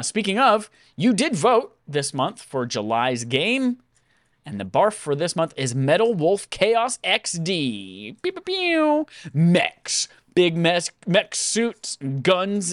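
A male podcast host with a lively, swooping delivery who cracks jokes as he wraps up. His voice sits at a middle pitch. The sound is close and dry with no room around it. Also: slow, no room sound. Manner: jokey, animated. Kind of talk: casual podcast sign-off.

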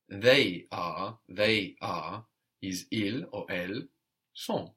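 Patient low-voiced male French teacher. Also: slow pace, fairly bright tone. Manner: patient, methodical, prompts and spells out letters. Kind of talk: audio language lesson.

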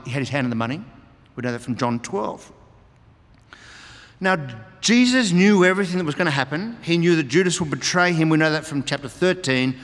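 A man's voice: fairly high pitch, a bit bright. A man preaching a sermon, reading scripture aloud and explaining it with emphatic repetition. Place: church hall. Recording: long hall reverb.

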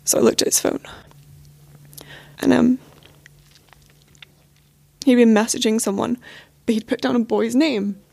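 A woman's voice: fairly high pitch, fairly even intonation, unhurried, gravelly, long pauses, mellow, no room sound. A young woman telling a personal story on a podcast, candid and hesitant, with frequent fillers. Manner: candid, hesitant, lots of "like" and "you know". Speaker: podcast guest.

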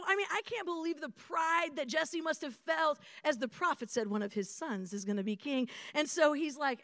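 A young adult woman preaching a sermon to young adults in a conversational, animated way, calling on the room to respond. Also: high-pitched, normal speed, no echo, clean studio sound.

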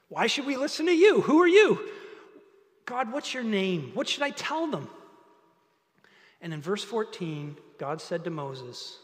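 A man preaching a sermon as pastor, animated and building to loud, emphatic peaks, then dropping low for quiet points. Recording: long reverb of a large hall.

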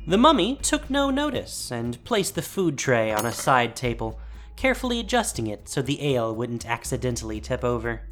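A woman narrating a fantasy story with an expressive storytelling delivery. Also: extremely low pitch, moderate pace. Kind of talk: audiobook narration. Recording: faint music behind.

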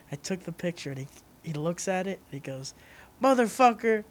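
A man who does stand-up, chatting casually and telling a story with lots of swearing and bursts of energy. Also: high voice. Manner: animated storyteller, heavy swearing, quick shifts in loudness. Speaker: comedian. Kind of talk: casual chat.

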